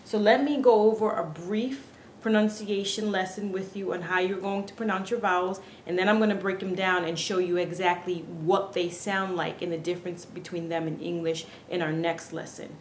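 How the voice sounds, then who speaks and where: A woman giving a casual pronunciation lesson, speaking earnestly and slowly repeating each sound to demonstrate it. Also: fairly low pitch, fairly even intonation. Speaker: Spanish pronunciation teacher. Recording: echoey room with faint background hiss.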